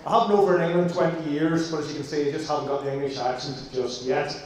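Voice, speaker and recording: A man's voice: on the high side, steady tone, fast talker, a little mellow, slight background noise. A man with a Northern Irish accent, a vet giving a jokey presentation to an audience with frequent fillers. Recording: echoey room, distant mic.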